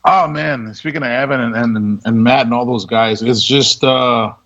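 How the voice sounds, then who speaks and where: A man's voice: mid-range voice, steady tone, moderate pace, fairly bright tone. A man, a guest on a podcast, telling stories in a laid-back, casual way and laughing as he goes. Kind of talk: casual storytelling. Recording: dull lo-fi audio.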